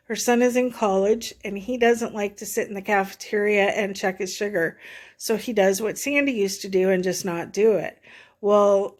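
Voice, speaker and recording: A woman's voice: medium pitch, darkish tone. Breathless middle-aged woman, rambling vlog. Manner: rambling, many fillers and restarts. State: short of breath, sighing. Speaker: vlogger reviewing a product. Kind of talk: casual chatty review.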